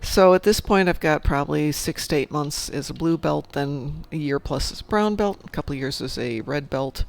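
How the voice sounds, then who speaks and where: A woman hosting a casual gaming chat, a chatty storyteller who talks in an animated, jokey way. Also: low-pitched, moderate pace, gravelly, few pauses. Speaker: stream host.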